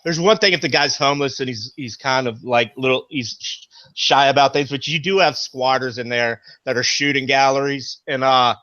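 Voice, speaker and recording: A man's voice: medium pitch, moderate pace, pushed and bright. A man co-hosting a casual chat, emphatic and repeating his points. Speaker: podcast co-host. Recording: dry, dull lo-fi line.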